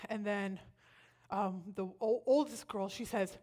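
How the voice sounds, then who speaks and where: A woman at a church tells personal stories in an animated way, taking on the voices of those she quotes, with a medium-pitched, unhurried voice.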